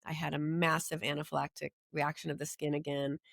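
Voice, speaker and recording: A middle-aged woman telling her personal story as an interview guest, earnest and emotional, halting at times with restarts. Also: sits low, little pitch movement, creaky, fairly bright tone, dry recording, clean studio sound.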